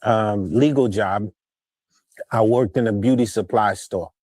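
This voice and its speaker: A man's voice: on the low side, measured pace, darkish tone, no echo. Man explaining in a dry, close sound. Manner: explains with many "you know what I'm saying". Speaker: podcast guest. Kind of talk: casual podcast chat.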